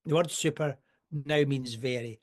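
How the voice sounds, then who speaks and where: An older man talks at a mid-range pitch as a podcast guest. He tells rambling stories with dry, wry asides, in a relaxed conversational way. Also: a little slow. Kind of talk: casual storytelling.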